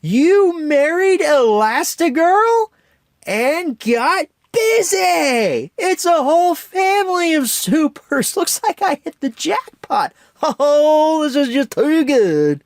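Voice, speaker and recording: A man's voice: very high-pitched, very animated, slow, no echo, studio quality, voice pushed up, heavily acted. A man voicing a gloating young male supervillain who slips into a brief southern drawl.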